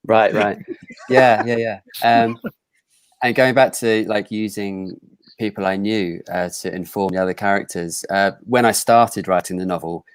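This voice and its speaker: A man talking about his writing in a casual chat, hesitant and full of pauses. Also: fairly low pitch, fairly even intonation. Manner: hesitant, lots of ums and restarts. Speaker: guest writer. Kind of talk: casual video-call chat.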